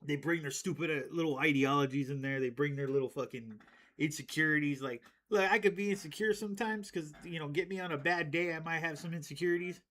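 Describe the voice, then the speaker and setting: Pitched slightly higher than most men, this guy goes off on a loose, foul-mouthed rant to his stream chat. He talks fast with a fairly bright tone, rambling, restarting his thoughts, and cracking up at his own stories.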